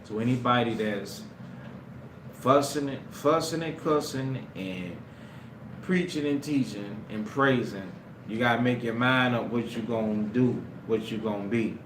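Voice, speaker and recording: A man preaching a sermon through a story, often laughing and breaking into shouts. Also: medium pitch, a little slow. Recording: echoey room with loud background noise.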